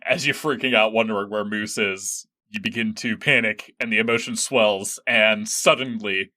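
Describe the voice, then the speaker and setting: A man's voice: on the low side, fairly even intonation, normal speed, sharp tone. A man narrating as game master of a tabletop game, loose and full of fillers.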